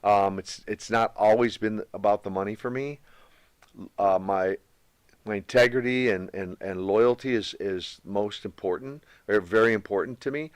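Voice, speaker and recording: A man's voice: on the low side, normal speed, smooth, no echo. Rambling older man telling stories. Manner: rambling, self-repeating anecdotes. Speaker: guest, former pro wrestler. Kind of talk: casual storytelling interview.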